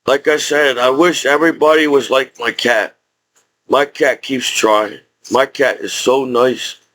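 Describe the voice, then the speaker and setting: Speaking at a slightly slow pace with fairly even intonation, a man from the United States with a mid-range, fairly bright voice delivers an unscripted rant to the camera. He's a disabled combat veteran with a speech impediment, and he's angry, profane and rambling, restarting often. The recording is rough.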